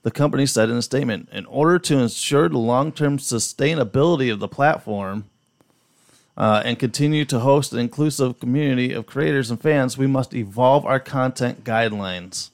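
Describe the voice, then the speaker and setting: A man's voice: mid-range voice, normal speed, dry recording, clean studio sound. A man co-hosting a podcast, rambling with lots of fillers and crude jokes. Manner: rambling, filler-heavy, joking. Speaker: podcast co-host. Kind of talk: crude casual podcast banter.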